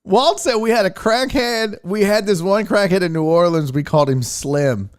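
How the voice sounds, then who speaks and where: A man from the Houston area, hosting a casual live-stream chat and telling stories loudly with frequent laughter. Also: high voice, normal speed. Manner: loud, laughing, animated storyteller. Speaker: host.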